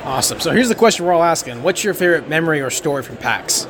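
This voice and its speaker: A fast-talking man hosting a podcast, his voice sitting a little high. He fires off upbeat, quick questions to the people he interviews. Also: lively intonation, a crowd in the background.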